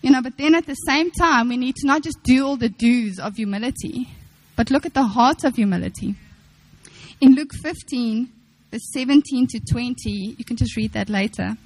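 High-voiced woman preaching. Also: normal speed, a little mellow, rough recording. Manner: earnest, repeats phrases, acts out quotes. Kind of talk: sermon to women.

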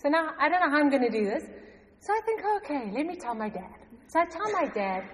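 A middle-aged woman telling a personal faith story to a congregation, animated and often laughing. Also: sits high, quick pace. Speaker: church member giving testimony. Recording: long hall reverb.

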